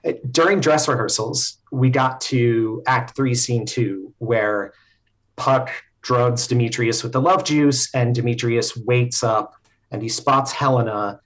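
A man talking as a podcast guest at a mid-range pitch. He explains things thoughtfully and casually, pausing on frequent fillers as he works through a story. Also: fairly bright tone.

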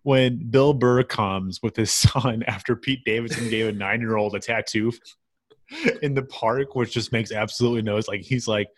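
A man's voice: fairly low pitch, fairly even intonation, normal speed. A man hosting a casual podcast chat about a movie, laughing often and working through his notes. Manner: laughs often, fillers and restarts. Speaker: podcast host.

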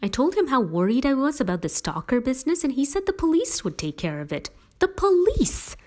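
A woman's voice: fairly low pitch, animated, brisk, natural voice. A woman voicing a dramatic, indignant teenage girl in a read-aloud story, speaking with heated emphasis.

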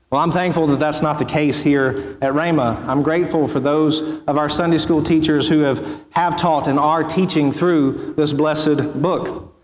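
A man preaching as pastor, reading scripture in a solemn, measured way before his sermon. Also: a little high. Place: church sanctuary. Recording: echoey church hall.

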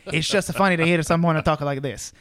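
A young man hosting a podcast, telling stories in a casual, animated way with lots of restarts and fillers. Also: a little high, a little fast, no room sound, clean studio sound. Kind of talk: casual conversation.

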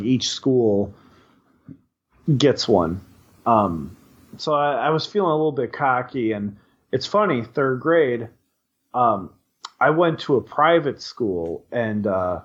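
A young man tells a long personal story in loose, profane chat, piling on fillers and restarts. His voice sits at an ordinary pitch. The recording is a little dull and lo-fi. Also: husky. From Wisconsin. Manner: rambling, profane, lots of fillers. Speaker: podcast co-host.

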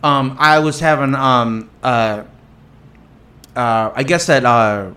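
A man's voice: slow pace, sharp tone. A man co-hosting a podcast in casual chat, telling stories in a rambling way with lots of fillers and restarts, getting exasperated. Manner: exasperated, jumps up in pitch when worked up. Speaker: podcast co-host.

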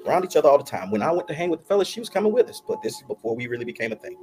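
Animated middle-aged man telling a story. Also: a little high, racing, soft background music. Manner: laughs often, animated storyteller acting out quotes. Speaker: podcast guest. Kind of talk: casual storytelling.

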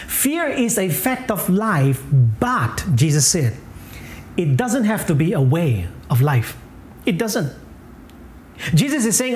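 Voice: mid-range voice, expressive, moderate pace, a little hiss or hum. A preacher giving a sermon, emphatic, repeating key phrases and chuckling now and then. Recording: echoey room.

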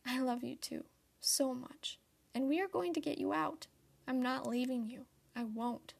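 A woman's voice: high-pitched, measured pace, creaky, exaggerated voice. A young woman voicing Elena, a loving, determined female possum mother, speaking earnestly and reassuringly. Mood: earnest resolve.

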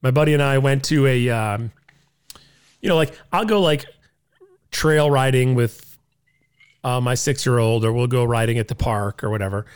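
A man in his thirties co-hosting a podcast, chatting in a relaxed, rambling way. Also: mid-range voice, normal speed, long pauses, clear, resonant tone. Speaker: podcast co-host. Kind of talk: casual chat.

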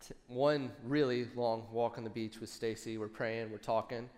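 A worship pastor in his thirties preaching a sermon, telling a personal story with lively asides to the congregation. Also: medium pitch, normal speed, in a large hall. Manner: animated storytelling with audience asides.

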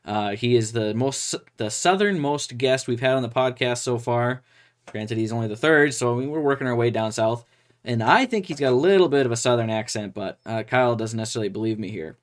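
A man's voice: medium pitch, fairly quick. A young man hosting a hunting podcast, talking in an upbeat, jokey way. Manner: upbeat, jokey, laughs often. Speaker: podcast host. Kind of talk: casual chat.

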